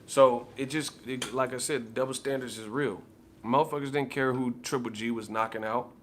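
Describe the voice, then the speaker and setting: Guy ranting about boxing, cussing a lot, heated, keeps circling back, normal pitch. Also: fairly even intonation, moderate pace, a bit bright, a little hiss or hum. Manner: heated, profane, repetitive. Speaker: boxing commentator. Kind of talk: casual rant.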